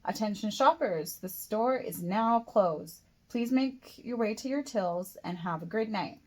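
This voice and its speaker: A woman voicing a female store clerk making slow, loud announcements over the intercom, read as part of a storybook. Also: medium pitch, animated. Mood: announcing.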